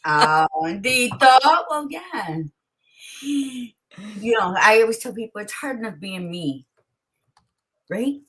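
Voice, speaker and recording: A woman co-hosting a casual morning chat from home, lively and switching between English and Spanish, laughing often. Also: on the high side, takes it slowly, pauses often. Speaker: co-host. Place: home, by a window.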